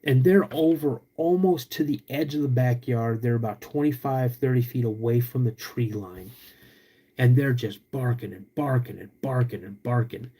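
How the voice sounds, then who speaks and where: A young man, hosting a podcast and telling a story in an animated, drawn-out way with sudden loud bursts. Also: medium pitch, husky. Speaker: podcast host.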